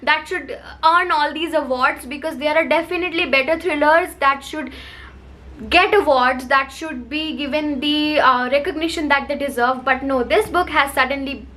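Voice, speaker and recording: High, bright-voiced woman ranting. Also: moderate pace. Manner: heated, emphatic ranting with repetition. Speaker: book reviewer. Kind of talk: to-camera book review.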